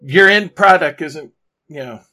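Guy co-hosting a podcast, bright sharp voice, easygoing, lots of ums. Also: fairly high pitch, unhurried. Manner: easygoing, fills with ums and uhs. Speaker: podcast co-host. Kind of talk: casual chat.

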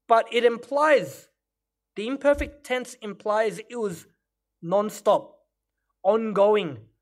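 A man's voice: very high-pitched, a bit bright. A male pastor delivering a sermon, explaining scripture and Greek word meanings in a teaching manner.

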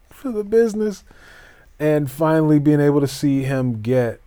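A man's voice: on the high side, expressive, measured pace, warm tone, dry recording. A man hosting a solo wrestling podcast, talking casually with lots of fillers and restarts, now and then slipping into grand announcer-style flourishes. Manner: rambling, with many fillers and restarts.

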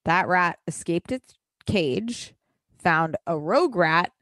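A woman's voice: fairly low pitch, lively intonation, slow, a bit bright, no echo, studio quality. A woman co-hosting a podcast in casual chat, frank and agreeable, with frequent fillers. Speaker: podcast co-host.

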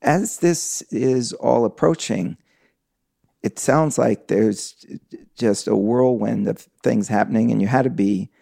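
A man's voice: medium pitch, takes it slowly, gravelly, warm tone, dry recording, clean studio sound. A man interviewing a guest, asking curious follow-up questions. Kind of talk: conversational interview.

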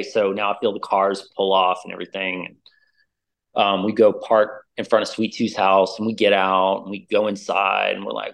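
Animated low-voiced man telling a story. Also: a little fast, creaky. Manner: animated storyteller, acts out quoted voices, says "like" and "dude" a lot. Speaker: interview guest, musician. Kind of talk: casual storytelling.

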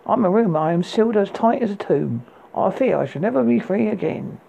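A moody young woman locked in a tower, teasing one moment and shrill the next, put on by a man reading aloud. The voice sits high and husky, with a gravelly edge. It comes through a thin, phone-like recording. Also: animated, fairly quick, dark tone, exaggerated voice. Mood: despairing.

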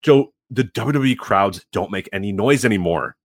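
A man co-hosting a podcast in casual chat, telling rambling, animated stories full of fillers. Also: lowish voice, normal speed, dry recording, clean studio sound. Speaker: podcast co-host.

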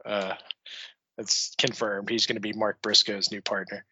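A man's voice: on the low side, little pitch movement, normal speed, bright, forceful tone, muffled recording, a little hiss or hum. A young man co-hosting a casual podcast, opinionated and profane, often chuckling. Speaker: podcast co-host.

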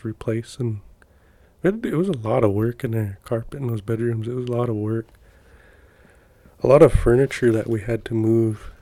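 A man's voice: medium pitch, warm tone, no room sound. A middle-aged man from Montana telling personal stories in a rambling, folksy way, with many fillers and restarts. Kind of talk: casual storytelling.

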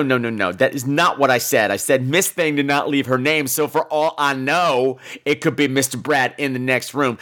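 A male podcast host with a campy, theatrical delivery and a very lively, swooping pitch. He answers listener voicemails with playful sass and mock outrage, dropping cheerful swear words.

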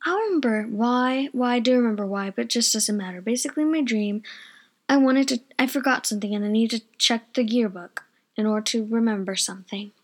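A young woman tells a story in a chatty, wandering way, often losing her thread. Her voice sits high. She talks casually from her bedroom at home. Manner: rambling, chatty, loses her train of thought. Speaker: vlogger.

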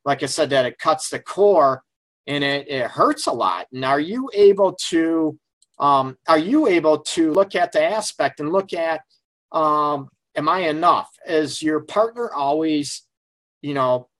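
A man's voice: fairly high pitch, lively intonation, a little slow, fairly bright tone, no room sound. Rambling middle-aged male radio host, dry sound. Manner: rambling and frank, with frequent fillers. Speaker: radio show host and relationship counselor. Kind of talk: casual live call-in radio talk. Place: his office.

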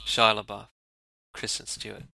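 A man's voice: on the low side, monotone, moderate pace, vocal fry, pushed and bright, no room sound. A man co-hosting a casual podcast chat, teasing the others with crude banter. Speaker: podcast co-host.

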